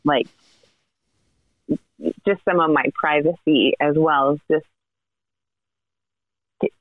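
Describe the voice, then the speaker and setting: A woman's voice: low-pitched, slow pace, dry recording. A woman hosting a casual chat over a call, sympathetic and conversational. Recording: tinny dry phone line.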